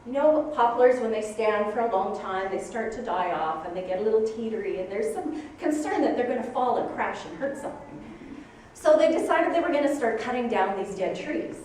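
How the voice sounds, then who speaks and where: A woman giving a spiritual talk to a congregation, telling a story with animated, dramatic outbursts. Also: on the high side, a little fast, a little hiss or hum. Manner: animated storytelling, acting out her own shocked outbursts. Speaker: speaker giving a Sunday talk. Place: church hall with audience. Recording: echoey hall from far off.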